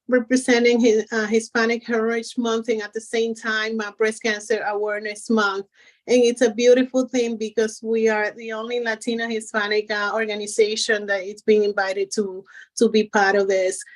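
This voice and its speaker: Female guest, Spanish accent, higher-pitched, sincere and halting. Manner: warm, earnest, halting with fillers. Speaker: nonprofit founder, guest. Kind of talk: radio interview.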